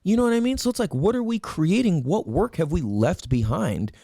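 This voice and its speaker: A man's voice: sits high, fairly quick, gravelly, no room sound, studio quality. A man hosting a solo podcast, ranting in a profane, rambling way with lots of emphatic rhetorical questions. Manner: profane, animated, rambling rant. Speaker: podcast host.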